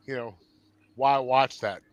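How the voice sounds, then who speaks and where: A man's voice: mid-range voice, fairly even intonation, takes it slowly, dry recording, dull audio. A man co-hosting a casual comics chat, easygoing and self-deprecating. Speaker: co-host.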